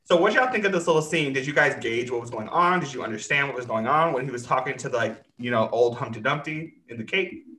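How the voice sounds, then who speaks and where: In a fast-talking, mid-range voice, a podcast host retells scenes from a show in a casual recap, swearing liberally and acting out each character with animation. The sound is roomy, with a bit of background noise.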